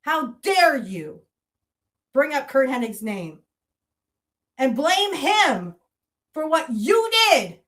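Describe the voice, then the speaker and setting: A woman with a high voice, hosting a podcast and ranting at length. She is heated and accusatory, swears freely and keeps hammering the same rhetorical challenges. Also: sing-song, takes it slowly, pauses often, a bit bright. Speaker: podcast host. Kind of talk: angry monologue rant.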